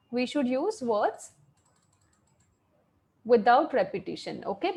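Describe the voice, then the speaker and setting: A woman teaching an online class for children, animated, quizzing the class and praising their answers over a video call. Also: sits high.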